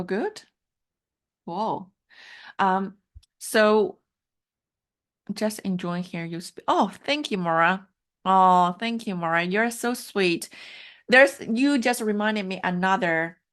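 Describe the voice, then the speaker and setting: A woman's voice: fairly low pitch, fairly bright tone. A woman who speaks English as a second language after Mandarin, giving a heartfelt, encouraging live coaching talk over a video call, with frequent fillers. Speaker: life coach. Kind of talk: live online coaching session.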